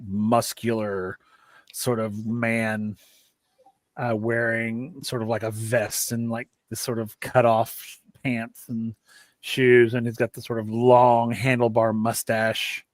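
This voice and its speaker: A man's voice: medium pitch, level tone, takes it slowly, dry recording. A man running a tabletop game, describing scenes with many fillers and hedges. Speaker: game master.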